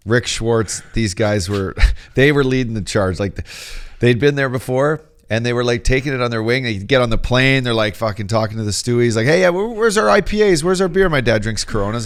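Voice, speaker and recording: A man's voice: on the low side, clear, resonant tone. A man co-hosting a podcast, a former pro hockey player telling a story in casual, profane, rambling chat.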